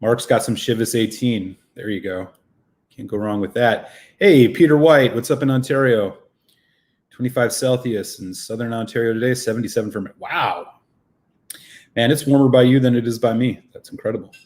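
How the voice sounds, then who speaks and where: A man's voice: medium pitch, normal speed, a little mellow. A man hosting a live whisky stream, chatting casually and greeting viewers by name, a little out of breath after a run.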